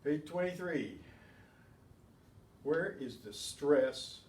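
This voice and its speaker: A man's voice: on the high side, animated, very slow. A man teaching a beginners' Spanish class, explaining rules methodically with chatty asides. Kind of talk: classroom lesson. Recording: echoey room, distant mic, faint ambience.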